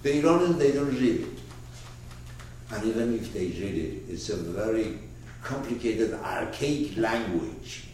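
A man teaching a lecture on a classic poet's book, emphatic and animated, often restarting and repeating words. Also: on the low side, a little slow, slight background noise. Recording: echoey room from far off.

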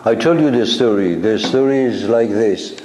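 A man teaching a class on a spiritual text, talking slowly in short halting phrases and asking his listeners questions, with English as a second language. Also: fairly low pitch, expressive, a little mellow, reverberant, slight background noise, rough recording. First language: not English.

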